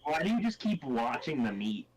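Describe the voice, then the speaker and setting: A man's voice: mid-range voice, sing-song, normal speed, slight background noise, poor audio. A man chatting with a friend on stream, teasing and joking. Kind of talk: casual chat.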